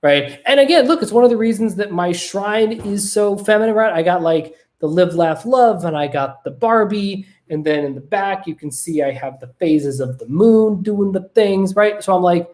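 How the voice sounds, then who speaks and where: An animated podcast host talks casually on camera from a home desk. The voice sits at a middle pitch, and the talk runs loose and profane, with "right?" tossed in again and again. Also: normal speed, hardly any pauses. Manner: animated, swears freely, asks "right?" over and over.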